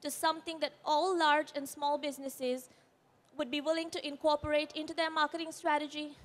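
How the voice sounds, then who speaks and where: Speaking fairly quickly with a high voice and little pitch movement, a woman from India delivers a presentation talk on a conference stage in Indian English. Her voice quivers and she sounds shaken, but she stays earnest and explanatory, briefly apologizing now and then.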